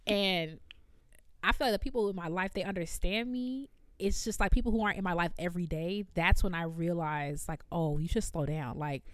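A young woman co-hosting a podcast, chatting casually, talking fast and laughing often. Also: medium pitch, dry recording, clean studio sound. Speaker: podcast co-host. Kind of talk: casual chat.

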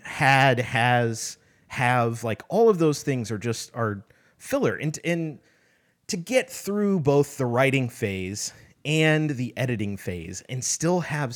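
Sarcastic man critiquing a book. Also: mid-range voice. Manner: sarcastic, critical, reads passages with mocking emphasis. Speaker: podcast co-host. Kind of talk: casual book discussion, reading aloud.

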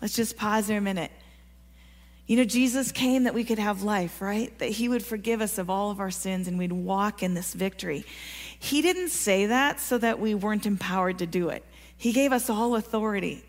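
A woman's voice: mid-range voice, moderate pace. Earnest woman preaching in a reverberant hall. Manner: earnest, encouraging, asks the congregation questions. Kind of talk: sermon. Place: church sanctuary. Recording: long reverb of a large hall.

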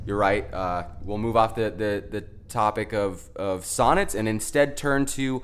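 A man's voice: on the low side, a little slow, clear, resonant tone, close to an everyday voice. A man playing a stammering radio host. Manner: fumbling, stammering interviewer. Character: awkward male radio talk-show host. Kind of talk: improv comedy scene.

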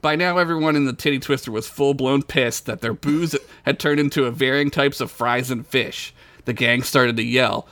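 A man's voice: medium pitch, normal speed, fairly bright tone, dry recording. A man reading a crude comic story aloud as podcast host, laughing often.

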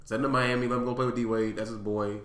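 A man's voice: medium pitch, flat delivery, racing, a bit bright. A man co-hosting a podcast, talking sports in casual chat, blunt and profane. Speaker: podcast co-host. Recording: roomy echo.

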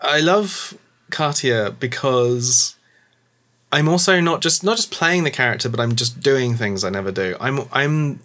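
A man's voice: medium pitch, expressive, unhurried, a bit bright. A man chatting casually on a podcast about playing and running tabletop games, rambling with many filler words. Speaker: tabletop game player and game master.

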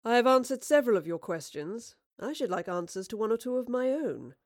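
A woman's voice: fairly high pitch, big pitch swings, a little fast, darkish tone, dry recording. Defiant period playwright, clipped and formal, a woman voicing him, dry sound. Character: male playwright, wry and defiant.

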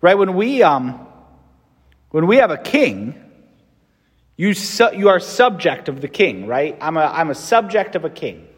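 A man's voice: fairly high pitch, big pitch swings, measured pace, pauses often, husky. An American man, a Catholic priest, giving a conversational homily with fillers and restarts. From United States. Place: church. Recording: long reverb from a church.

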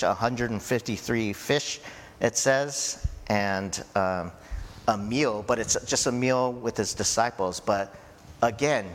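A man preaching a sermon in a slow, conversational way, often checking in with his listeners. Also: mid-range voice, a bit bright. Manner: slow, conversational preaching with frequent "right?" and "you know". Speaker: pastor. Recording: echoey hall with faint ambient noise.

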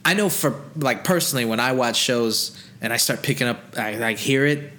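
A man's voice: medium pitch, moderate pace, pushed and bright. A man hosting a podcast, chatting loosely about film trailers, rambling and swearing casually. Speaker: podcast host. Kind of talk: casual chat.

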